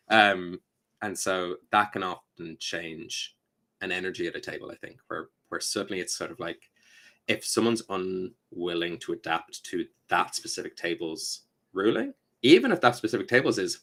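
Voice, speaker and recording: A man talking casually on a podcast about tabletop gaming. He is animated, keeps dropping into quick quoted voices, laughs mid-sentence and swears now and then. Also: low voice. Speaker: podcast co-host.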